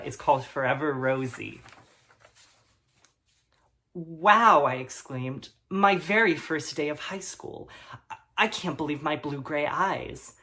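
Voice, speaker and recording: A man doing a gawky teenage boy reading his own overwrought fan fiction with flat sincerity. He trails off into mumbled, hesitant asides, then plunges back into the purple prose with solemn earnestness. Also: a little high. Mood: sheepish. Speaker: comedy performer. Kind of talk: deadpan comic reading of melodramatic prose.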